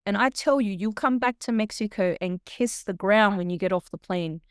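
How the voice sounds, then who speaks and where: Animated Australian woman, smooth voice. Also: mid-range voice, moderate pace, no echo, studio quality. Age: middle-aged. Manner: animated, laughs often, many restarts. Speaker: guest. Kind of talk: podcast interview storytelling.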